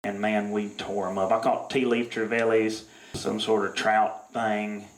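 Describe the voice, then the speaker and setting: A man's voice: fairly low pitch, flat delivery, unhurried. A man from Louisiana, holding a comedic mock press conference in a rambling, drawling way full of fillers. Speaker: self-proclaimed outdoorsman at a mock press conference. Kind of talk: deadpan comedic monologue. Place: barn. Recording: echoey room.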